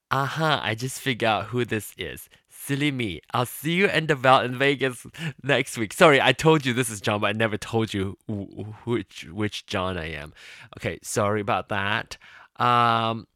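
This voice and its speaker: A man's voice: medium pitch, dry recording, studio quality. A man hosting his own podcast in casual solo chat, rambling and apologetic, often stopping himself mid-sentence with fillers. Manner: chatty and animated. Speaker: podcast host.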